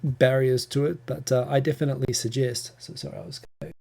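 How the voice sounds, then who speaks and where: A man's voice: mid-range voice, fairly even intonation, fairly quick, creaky, darkish tone. A man with a New Zealand accent hosting a casual live Q&A, reading viewer questions and answering in a chatty, rambling way with frequent ums and restarts. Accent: New Zealand English.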